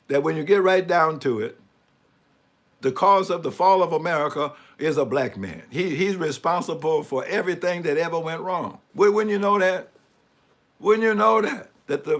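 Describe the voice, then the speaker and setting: A man giving sarcastic, mocking commentary on a live stream and asking for the next image as he talks through slides. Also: on the high side. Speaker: speaker commenting on news images.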